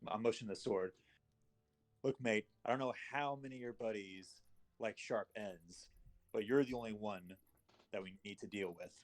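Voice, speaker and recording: A man in character in a tabletop game, questioning calmly and firmly. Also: on the low side, moderate pace. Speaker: player.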